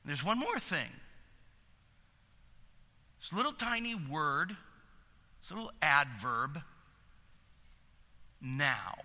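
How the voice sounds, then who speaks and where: A man's voice: on the high side, big pitch swings, extremely slow, pauses often, sharp tone, long reverb tail. A man preaching a sermon in an earnest, emphatic way, often repeating words as he builds a point.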